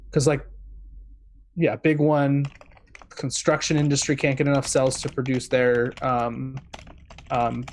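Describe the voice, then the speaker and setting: A man's voice: medium pitch, a little hiss or hum. A man in a casual chat as a guest correspondent, rambling with many fillers.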